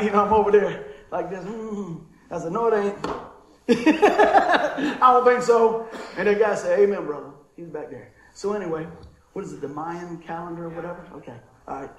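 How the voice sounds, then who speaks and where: A man delivering a sermon as a loose, animated story. His voice sits high for a man and rings around an echoey room. He talks in a folksy way and chuckles as he goes. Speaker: pastor.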